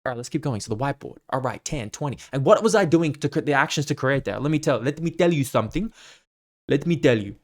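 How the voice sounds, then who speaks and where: A man talking in a loose, rambling monologue, blunt and full of swearing. His pitch sits in an ordinary middle range, and he leaps between thoughts with animated energy. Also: fast talker. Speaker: fitness coach and podcast host. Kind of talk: casual monologue.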